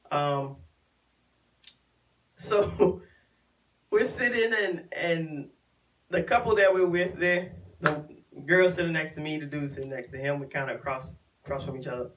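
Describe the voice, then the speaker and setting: A woman's voice: sits low, normal speed, pauses often, a bit bright, far from the mic, poor audio. A woman from Chicago, hosting a live stream and telling a casual story to her viewers, laughing often and acting out what people said. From Chicago, USA. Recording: voice sounds from away from the mic.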